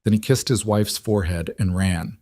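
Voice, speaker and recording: Male narrator, low voice, dry close sound, calm measured storytelling. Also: no echo.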